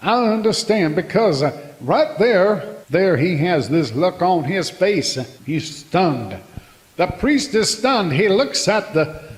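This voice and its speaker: A man comically retelling a horror film in a folksy, halting way, often restarting his sentences. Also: sits high, sing-song, big-room sound, rough recording. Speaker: comedic movie recapper.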